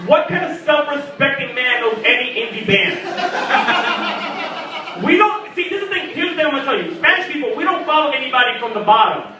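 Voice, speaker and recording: High-pitched animated man doing stand-up. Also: fast, few pauses, noisy background. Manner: animated, crude, mocking, storytelling with voiced quotes. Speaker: stand-up comedian. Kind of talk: stand-up comedy set. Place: comedy club stage. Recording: echoey club mic from a distance with crowd. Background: audience laughter.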